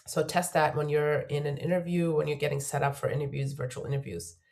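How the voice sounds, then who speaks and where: A woman's voice: deep voice, fairly even intonation, brisk, gravelly, darkish tone. A woman job search coach getting over a cold, giving earnest, emphatic advice to camera in a video, repeating her key points.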